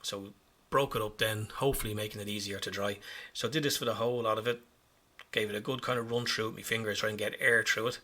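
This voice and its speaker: Bright, husky-voiced man narrating his hobby. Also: on the low side, fairly even intonation, quick pace. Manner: chatty, self-mocking, rambling. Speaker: hobby vlogger. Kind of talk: casual voice-over narration.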